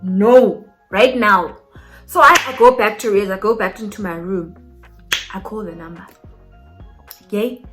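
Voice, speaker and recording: Animated young South African woman storytelling. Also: mid-range voice, moderate pace, pauses often, music in the background. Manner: animated, code-switching, talks straight to viewers. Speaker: vlogger. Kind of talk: casual storytime monologue.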